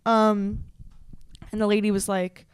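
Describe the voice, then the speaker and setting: A woman's voice: mid-range voice, little pitch movement, a little slow, clear, resonant tone, no room sound, studio quality. A woman in her twenties, a podcast host telling casual stories in a chatty, profane way, full of fillers and restarts. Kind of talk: casual storytelling chat.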